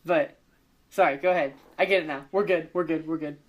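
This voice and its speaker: A man's voice: fairly high pitch, steady tone, fairly quick. A young man co-hosting a casual podcast, rambling through an improvised story with lots of fillers and restarts, joking along the way. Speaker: podcast co-host.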